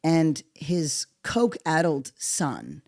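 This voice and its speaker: A podcast host talks alone into a close mic, sarcastic and profane, jumping between loud outbursts and hushed asides. The voice sits in the middle of the pitch range, and the sound is dry, with no room echo at all. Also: very animated, very slow. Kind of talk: solo podcast monologue.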